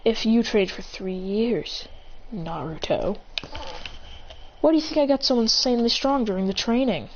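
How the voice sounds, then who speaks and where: A woman's voice: on the high side, moderate pace, slight background noise, close to an everyday voice. A woman voicing a cold, arrogant young male ninja who taunts and dismisses his foes, on a dull lo-fi recording. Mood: dismissive taunting.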